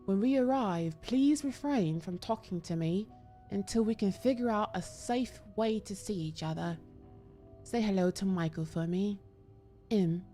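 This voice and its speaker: A woman's voice: medium pitch, warm tone, soft background music, lightly acted. A woman putting on a prim posh British lady. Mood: secretive. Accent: put-on posh British. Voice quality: slow, careful, mock-formal delivery. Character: prim adult woman writing a secret love letter.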